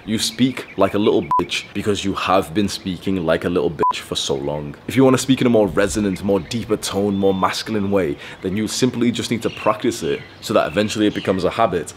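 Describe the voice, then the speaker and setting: A man's voice: low-pitched, slight background noise. A young man giving blunt, profane self-improvement advice in a casual, rambling monologue. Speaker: self-improvement video host.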